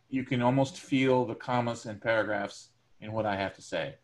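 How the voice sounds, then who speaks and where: A man gives a recorded lecture to his students in a loose, conversational way. He explains ideas with everyday examples and fills his pauses with ums and uhs. His voice sits at an ordinary middle pitch. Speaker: teacher.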